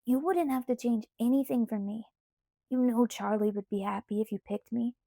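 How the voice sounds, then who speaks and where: A cocky, cheerful teenage boy, read by a woman, speaks in an easygoing, coaxing way. The reader's voice stays mellow and a little high, without a deep put-on tone. The recording is close and dry. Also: normal speed, creaky, dry recording.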